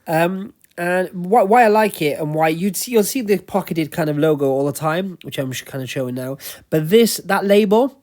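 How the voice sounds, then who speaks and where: A man's voice: sits high, normal speed, few pauses, darkish tone. Chatty Welsh-accented man rambling on. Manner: chatty, rambling, explains at length. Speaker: luxury resale vlogger. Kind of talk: casual chat while shopping. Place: charity shop, indoors. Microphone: wearable action camera.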